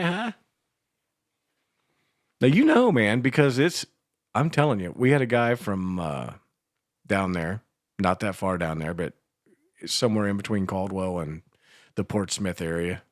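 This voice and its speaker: Morning radio co-host, male, from Ohio; deep rough voice, rambling crude jokes, dry booth sound. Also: dry recording. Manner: rambling, crude joking with laughs. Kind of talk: casual banter.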